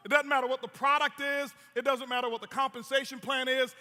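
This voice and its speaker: A man's voice: extremely high pitch, level tone, fast talker, few pauses, sharp tone. A man presenting network marketing in a motivational stage talk, telling stories with punchy repetition and rhetorical questions. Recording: long hall reverb.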